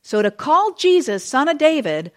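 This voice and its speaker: A woman teaching a Bible study in a chatty, conversational way, full of asides and lively retelling. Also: sits high, normal speed. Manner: expressive, animated retelling.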